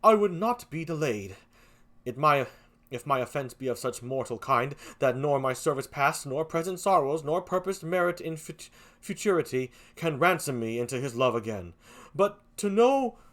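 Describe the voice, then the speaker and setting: A man's voice: fairly high pitch, animated, a bit bright. A man reading a humble young officer who begs for help, during an amateur streamed play reading. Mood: pleading. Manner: rushed, pleading verse reading.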